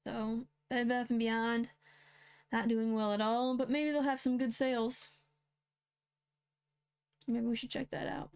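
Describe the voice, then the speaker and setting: Blunt woman with a fairly high voice. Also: flat delivery, a little slow, pauses often, a little mellow, clean tone. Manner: blunt, sarcastic asides. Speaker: host. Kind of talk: reading and commenting on news headlines.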